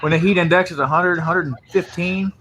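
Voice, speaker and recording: A man's voice: high-pitched, fairly even intonation, quick pace, a bit bright, a little hiss or hum. A man chatting casually about lawn care, telling stories and laughing easily. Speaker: guest lawn care worker. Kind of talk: casual live-stream chat.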